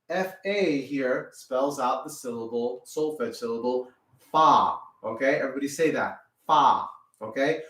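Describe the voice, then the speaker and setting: A middle-aged man teaching a children's music lesson, patiently explaining each point, checking "okay?" and singing the syllables in a high voice. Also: fairly bright tone, distant mic. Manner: sings solfege syllables in a high voice. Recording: roomy sound, a little off-mic.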